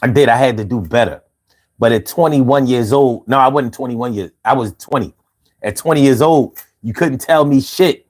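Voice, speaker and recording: An animated man tells a story straight into the camera, loose and full of slang. His pitch sits in an ordinary middle range. He swears freely and pokes fun at himself as he goes. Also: normal speed. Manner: profane, animated, slangy, self-mocking. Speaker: vlogger. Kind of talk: casual storytelling monologue.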